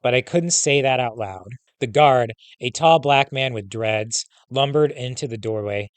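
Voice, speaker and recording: A man's voice: medium pitch, unhurried, smooth, dry recording. A male teacher reading a first-person memoir aloud, in a plain style with short casual asides now and then.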